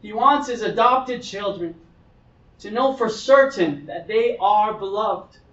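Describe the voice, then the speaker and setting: High-voiced pastor in an echoey hall. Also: male voice, lively intonation, slow, fairly bright tone. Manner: earnest preaching with acted-out child voices. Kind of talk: sermon. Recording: echoey hall, speaker far from mic, dull sound.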